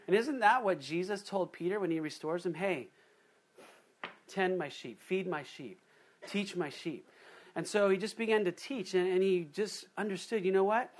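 A man preaches to his church in a relaxed, conversational way. His voice sits a little high for a man. He slips into short acted-out quotes and asides as he teaches. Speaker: pastor. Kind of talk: sermon.

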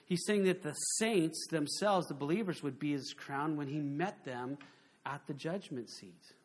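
A man preaching a sermon in an animated, conversational way, full of rhetorical questions. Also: fairly high pitch, measured pace. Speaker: pastor.

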